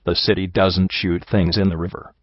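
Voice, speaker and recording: Cocky young pony mare, read by a man, low voice, dull dry lo-fi sound. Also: level tone, normal speed, no echo. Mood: eager. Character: young female pony adventurer, eager and brash.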